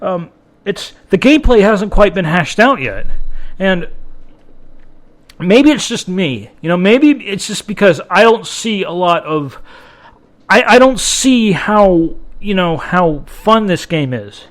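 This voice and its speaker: Podcast host, male, high-pitched voice, rambling, profane, keeps restarting his sentences. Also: expressive, takes it slowly. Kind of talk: casual podcast monologue.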